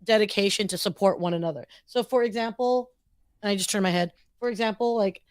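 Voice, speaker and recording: An American woman chatting casually from her home office, animated and rambling, with lots of fillers. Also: medium pitch, brisk, no room sound, studio quality. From United States. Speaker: podcast host. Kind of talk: casual chat.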